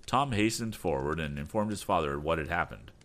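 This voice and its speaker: A man hosting a storytelling podcast, reading an adventure book aloud with expressive narration. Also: a bass voice, brisk. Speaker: podcast host and audiobook reader. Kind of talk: audiobook narration.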